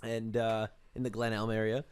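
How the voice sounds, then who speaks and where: A man's voice: on the low side, normal speed, clear, resonant tone, dry recording. A young man on a podcast telling stories in casual chat, swearing often and acting out the people in them. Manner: swears a lot, tells animated stories. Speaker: podcast co-host.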